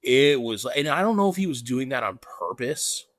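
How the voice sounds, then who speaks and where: A man co-hosting a podcast in casual chat, excitable and rambling, with lots of restarts and "dude.". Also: medium pitch, moderate pace, dry recording, clean studio sound. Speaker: podcast co-host.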